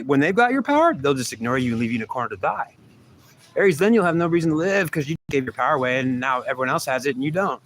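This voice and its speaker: A man delivers a monthly astrology reading in a dramatic, rambling monologue. His voice sits in an ordinary middle pitch, and he slips into imagined back-and-forth dialogue. A faint hum of background noise stays under him. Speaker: astrology reader.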